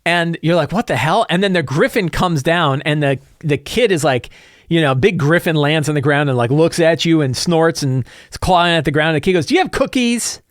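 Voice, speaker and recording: A man's voice: on the high side, fairly quick, dry recording, studio quality. A man hosting a casual tutorial with game master advice. He rolls dice and thinks aloud with enthusiasm.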